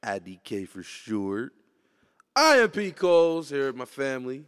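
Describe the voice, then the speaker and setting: A man's voice: mid-range voice, big pitch swings, a little slow, smooth. A man hosting a casual podcast with friends, playful and joking, laughing often, from Pittsburgh. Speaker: podcast host. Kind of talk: casual chat among friends.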